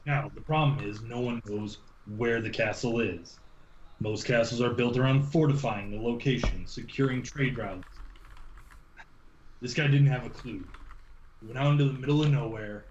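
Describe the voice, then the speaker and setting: A man voicing a stern, wry old human warrior in a tabletop game, speaking in a measured, storytelling way. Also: medium pitch, echoey room, highs cut off, natural voice. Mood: grave.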